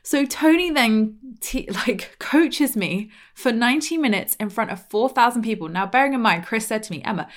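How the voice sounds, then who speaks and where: A woman's voice: a little high, expressive, moderate pace, hardly any pauses. A British woman in her thirties, hosting a podcast and telling a personal story in a chatty, casual way, full of "like" and acted-out quotes. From Britain. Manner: chatty, lots of "like", acts out quoted lines. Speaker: podcast host.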